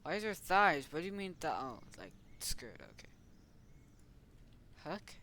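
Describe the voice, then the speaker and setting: A man's voice: on the high side, sing-song, unhurried, sharp tone. A young man casually retelling a story as channel host, rambling and correcting himself as he goes. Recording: noisy home recording.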